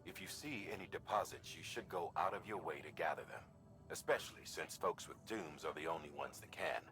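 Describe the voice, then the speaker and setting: An actor playing a male mission director in a video game, giving measured, authoritative briefings. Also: sits low, fairly bright tone. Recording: game audio with music underneath.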